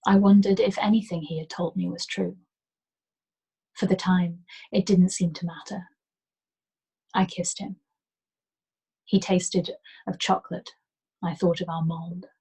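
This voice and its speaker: A woman reading a novel aloud as a storyteller, in a soft and gentle manner that sometimes drops to a whisper. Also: medium pitch, creaky, husky, poor audio.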